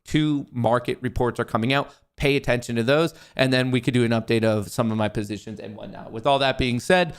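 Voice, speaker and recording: A young man hosting a live stock market stream, joking and energetic. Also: medium pitch, fairly quick, few pauses, smooth. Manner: joking, energetic, swings into put-on voices. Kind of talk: casual live-stream chat.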